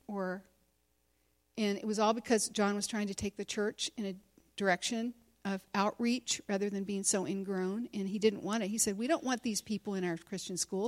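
A middle-aged woman speaking candidly to a women's gathering, sharing a personal testimony in a conversational way with many fillers. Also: mid-range voice. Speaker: conference speaker and teacher.

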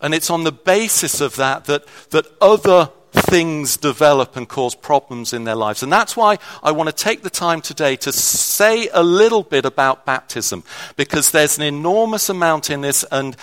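A man's voice: fairly high pitch, lively intonation, normal speed, fairly bright tone. A man preaching a sermon in a conversational way, with restarts and shifting emphasis.

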